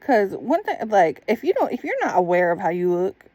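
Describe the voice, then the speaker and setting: A woman's voice: mid-range voice, sing-song, normal speed, darkish tone, no room sound. A woman telling a candid personal story in a blunt, profane, casual monologue. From Southern United States.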